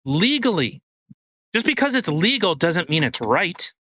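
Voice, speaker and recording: A man co-hosting a podcast in casual chat, ranting in an animated, profane way. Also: high-pitched, moderate pace, no echo. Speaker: podcast co-host.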